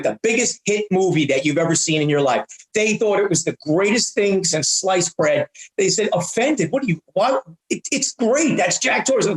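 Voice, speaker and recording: A man around sixty, a comedian guest telling animated stories and stumbling over repeated words. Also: sits high. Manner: excitable, repeats and restarts words often. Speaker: guest, prank-call comedian and voice actor. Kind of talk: animated anecdotal storytelling. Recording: roomy echo.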